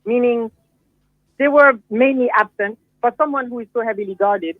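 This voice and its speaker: A woman's voice: on the high side, no room sound. Woman explaining over a tinny phone line. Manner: measured, explanatory, with frequent fillers. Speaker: guest commentator. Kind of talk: phone-in discussion.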